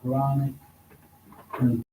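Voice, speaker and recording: A man teaching an informal religious study class at a mosque, talking slowly and conversationally and repeating words for emphasis. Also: mid-range voice, little pitch movement, warm tone. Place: mosque hall. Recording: echoey hall, distant mic, faint noise.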